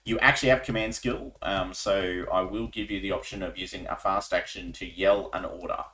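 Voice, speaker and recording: A man running a tabletop war game as game master, explaining rules in a relaxed way with many ums. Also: low voice, moderate pace, roomy sound, poor audio.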